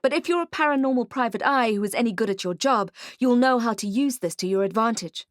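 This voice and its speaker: A woman's voice: fairly high pitch, quick pace, dry recording, clean studio sound. A woman narrating a first-person urban fantasy audiobook in a wry, hardboiled detective manner.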